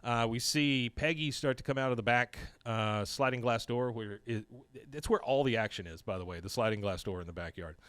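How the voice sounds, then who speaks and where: A man's voice: medium pitch, fairly quick, few pauses, fairly bright tone, clean tone, no echo. Podcast host, man, casual plot recap, clean and dry. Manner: reads episode plot with quoted lines, laughs often.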